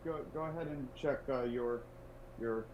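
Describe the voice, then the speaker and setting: A man co-hosting a livestream, talking in a halting way with many fillers. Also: medium pitch, muffled recording, crowd noise. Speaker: co-host of the stream. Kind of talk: casual livestream chat.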